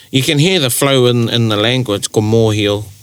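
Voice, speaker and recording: A man with a New Zealand Māori accent, chatting casually about language and telling stories with lively quoted voices. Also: medium pitch, a little slow, clear, resonant tone. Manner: animated storyteller who acts out quoted speech. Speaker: te reo Māori speaker in discussion. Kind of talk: casual chat.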